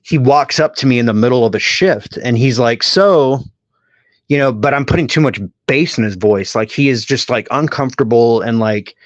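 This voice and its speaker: A man's voice: mid-range voice, fairly quick, few pauses, dry recording. Profane rambling man, dull lo-fi sound. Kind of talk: casual podcast chat. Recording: dull lo-fi audio.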